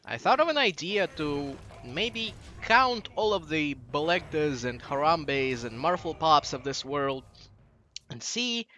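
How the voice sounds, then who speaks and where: A man's voice: fairly high pitch, lively intonation, takes it slowly, bright, forceful tone, slight background noise. A young man in his late teens with a Russian accent, rambling through a casual monologue that drifts off track. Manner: digressive, loses his train of thought. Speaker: channel host.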